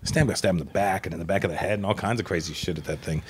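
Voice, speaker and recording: A man's voice: deep voice, slight background noise. A man in his fifties co-hosting a comedy podcast, teasing and profane in casual banter. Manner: teasing, profane, quick to laugh.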